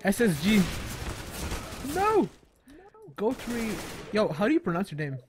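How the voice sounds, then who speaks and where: A man with a high, bouncy voice that leaps all over the place calls out plays as he games. He is excitable, laughs often and trades banter with his teammates. Faint gunfire from the game sits behind him. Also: a little slow, a little hiss or hum. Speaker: gaming YouTuber. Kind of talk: casual gameplay commentary.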